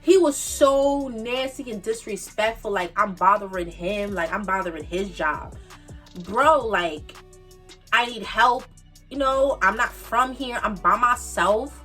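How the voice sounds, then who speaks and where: A woman's voice: mid-range voice, measured pace, bright, forceful tone, recorded from a distance, faint music behind. A woman, telling a casual storytime with emphatic, repetitive, slangy asides. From the Bronx, New York. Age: 20s. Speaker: vlogger.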